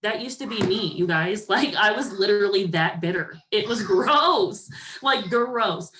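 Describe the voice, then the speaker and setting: A young woman gives her team a pep talk in a sassy, animated way. Her voice sits at a middle pitch, and she keeps slipping into playful impressions of other people. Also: unhurried, a little hiss or hum. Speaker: motivational speaker to a sales team.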